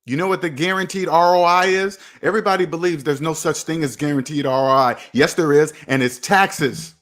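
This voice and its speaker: A man's voice: a little high, steady tone, brisk, fairly bright tone. Preachy man lecturing himself on money. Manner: preachy, repeats himself, talks to himself by name. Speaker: personal finance video host. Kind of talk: motivational monologue to camera.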